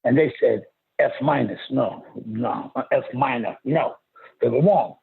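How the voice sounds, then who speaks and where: A man speaks in a slow, wandering monologue, drifting into half-sung lines and sudden high exclamations. His voice is gravelly and very husky, with a fairly high pitch. The sound is thin and phone-like. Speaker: self-styled spiritual teacher. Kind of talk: rambling spoken monologue with singing. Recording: phone-quality lo-fi audio.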